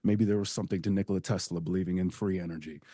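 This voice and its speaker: Low-voiced man telling a rambling story. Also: racing, no room sound, studio quality. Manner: rambling, animated storyteller who keeps asking "right?". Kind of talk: casual podcast storytelling.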